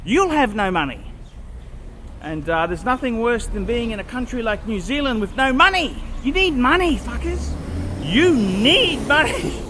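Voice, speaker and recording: A man's voice: very high voice, very animated, moderate pace, pushed and bright. A man vlogging outdoors, talking in a blunt, repetitive, cynical way, with faint traffic noise around him. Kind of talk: casual vlog monologue. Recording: faint street and car noise.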